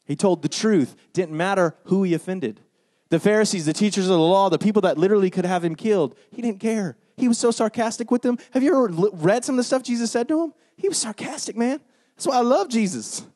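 Punchy, sarcastic high-voiced preacher man. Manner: sarcastic, punchy, swings from loud to hushed. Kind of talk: sermon.

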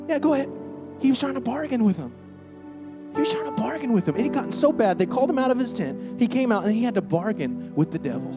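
A man's voice: extremely high pitch, expressive, fast talker, music in the background. A man preaching a sermon in a church, emphatic and conversational, with frequent rhetorical questions. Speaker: pastor.

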